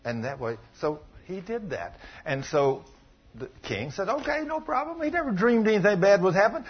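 A man preaching a sermon, retelling a story, dropping to low murmurs and rising to loud exclamations. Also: big pitch swings, normal speed, husky. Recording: dull lo-fi recording.

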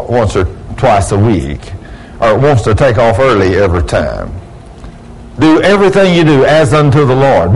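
A man's voice: medium pitch, slight background noise, poor audio. Folksy preacher man. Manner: folksy preaching, acting out church members' quotes. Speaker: pastor. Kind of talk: sermon.

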